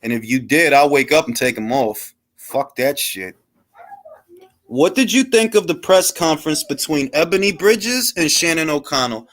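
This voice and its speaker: A man's voice: on the high side, expressive, moderate pace, fairly bright tone. A man hosting a boxing talk show, chatting loosely with slang and jokes. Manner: loose, joking, slangy banter. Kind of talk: casual live-stream chat.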